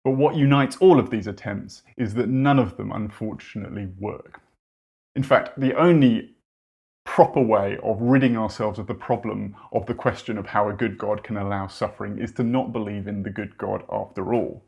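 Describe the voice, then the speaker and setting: A man's voice: fairly low pitch, normal speed, gravelly, a little mellow, muffled recording. A man preaching a sermon in an earnest, conversational way, with wry asides.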